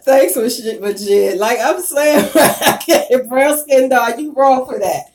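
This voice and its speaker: A woman hosting a casual live stream, reading the chat and ranting bluntly, with heavy cursing and bursts of loud laughter. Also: high-pitched, takes it slowly. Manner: profane, blunt and animated.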